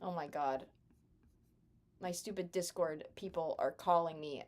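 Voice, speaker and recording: Casual young woman streamer, lowish voice. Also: unhurried, long pauses, a little mellow. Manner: chatty, sarcastic, talks to chat. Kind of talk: casual gaming live stream chat.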